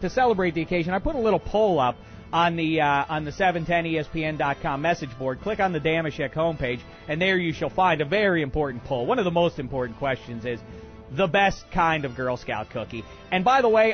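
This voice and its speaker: A man hosting a comedic sports talk radio show, ranting in an excitable, bombastic way with many uhs. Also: high-pitched, muffled recording. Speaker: radio host.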